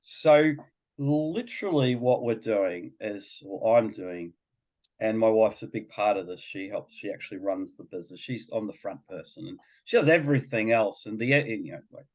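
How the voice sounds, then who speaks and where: This guest, a middle-aged man who works as a behaviour coach, shares a chatty personal story on a casual podcast, voicing the other people in it. His voice is fairly low and a little mellow, at normal speed.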